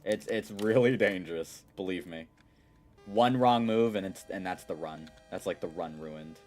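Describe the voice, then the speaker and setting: A man's voice: low voice, normal speed, soft background music. A man giving casual, chatty game commentary, explaining his strategy with playful asides. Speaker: gaming streamer. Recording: steady background noise.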